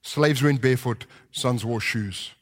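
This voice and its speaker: A man preaching a sermon, telling the story with animated delivery and acting out the characters' voices. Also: mid-range voice, a little slow. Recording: long hall reverb.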